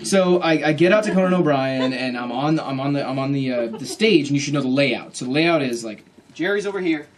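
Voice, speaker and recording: A man telling a comic story to a live bookstore audience, animated and acting out other people's voices. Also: mid-range voice, fairly quick. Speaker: author at a bookstore reading. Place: bookstore event room.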